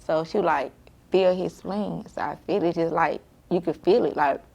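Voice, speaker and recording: A woman's voice: fairly low pitch, normal speed, creaky, a little mellow, husky. A mother, telling candidly and emotionally how she cares for her son with sickle cell. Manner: emotional, informal, frequent "like" and quoted self-talk. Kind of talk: candid personal storytelling.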